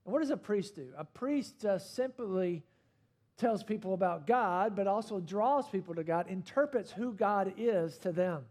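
A man delivers a sermon in a fairly high voice, pressing hard on key words and then dropping low and soft. His preaching rises and falls in intensity as he drives each point home. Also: lively intonation, unhurried. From not from Australia. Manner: emphatic preaching with rising and falling intensity. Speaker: pastor.

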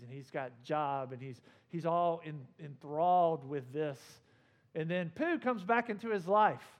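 A man preaching a sermon as pastor, earnest and conversational with gentle humor. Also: a little high.

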